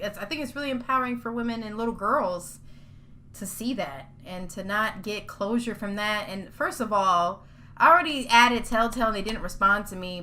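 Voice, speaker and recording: Bright-voiced woman ranting on a podcast. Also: mid-range voice, slight background noise. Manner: profane, heated ranting; emphatic, repeats herself. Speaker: podcast host. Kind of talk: casual podcast chat.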